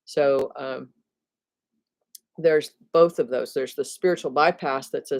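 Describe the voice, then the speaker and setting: A woman's voice: very deep voice, steady tone, unhurried, pauses often, a little mellow, no room sound. A woman hosting her own videos on spirituality, talking casually and reflectively to her viewers, thinking aloud with restarts and often laughing at herself. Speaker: spiritual teacher and video host.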